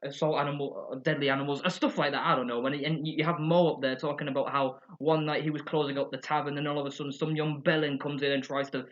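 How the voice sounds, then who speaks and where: A man's voice: a little high, flat delivery, fast talker, hardly any pauses, a bit bright. A man chatting energetically as he reviews an episode, recorded on a computer webcam at home. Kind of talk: casual chat. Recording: slightly dull webcam audio.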